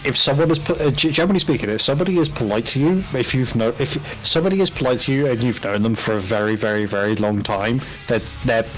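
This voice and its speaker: Man, from Britain, mid pitch, chatty, laughs a lot, faint background music. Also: fast, few pauses, poor audio. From United Kingdom. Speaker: stream host. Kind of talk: casual stream chat.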